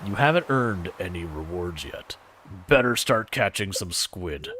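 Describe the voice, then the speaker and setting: Brief: man putting on a brisk contest announcer, lower, announcer-like delivery. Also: lively intonation, background noise. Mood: announcing.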